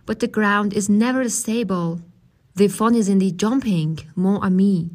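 A carefree drifter of a man speaks in a breezy, relaxed way, as a woman reader puts him on. It stays close to her own voice, in an audiobook. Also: mid-range voice, unhurried, natural voice.

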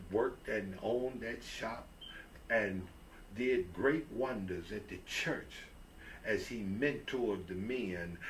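A man with a lowish voice tells a Christian story in a folksy, repetitive manner, raising his voice whenever he quotes characters. The recording sounds distant, with slight background noise.

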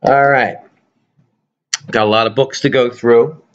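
A man's voice: mid-range voice, steady tone, measured pace, clear, resonant tone, dull audio. A man vlogging casually to his viewers about his toy collection, rambling and joking. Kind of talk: casual chat to camera.

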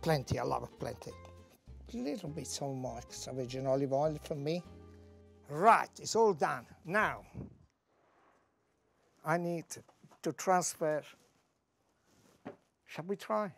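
A man's voice: high-pitched, lively intonation, slow, creaky, long pauses, soft background music. A man with an Italian accent demonstrating a recipe as a chef, exuberant and exclaiming in broken English beside a wood-fired oven. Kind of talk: cooking demonstration.

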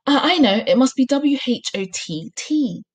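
Storybook schoolboy in pain, high squealing voice, pleading, as a woman puts him on. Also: drawn-out words, dark tone. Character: frightened young schoolboy in pain.

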